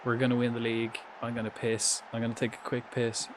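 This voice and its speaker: A man's voice: mid-range voice, monotone, quick pace, slight background noise. A young Irish man chatting casually on his live stream, swearing freely and coaching viewers through pronunciations. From Ireland.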